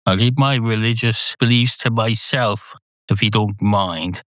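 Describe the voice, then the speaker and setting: A man's voice: lowish voice, measured pace, fairly bright tone, dry recording. A man doing a prim, polite barman. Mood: puzzled.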